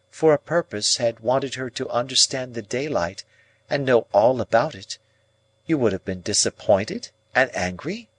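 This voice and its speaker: A man reading an audiobook voices a cold, proud young woman with a measured, coolly reasoning delivery. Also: mid-range voice, a bit bright, dry recording, pitched above the performer's own voice. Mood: musing.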